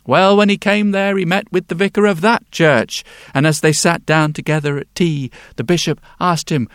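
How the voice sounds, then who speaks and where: Male storyteller, unhurried with dramatic pauses, slightly higher voice, dry booth-like sound. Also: fairly even intonation, fairly bright tone, no room sound. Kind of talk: told folk tale.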